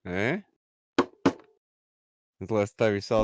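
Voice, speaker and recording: A man with a somewhat low voice hosts a loose stream show, reading viewer comments aloud and chatting casually. His voice sounds dry and close, with no room around it. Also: animated, measured pace, vocal fry, pauses often, dry recording. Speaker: host.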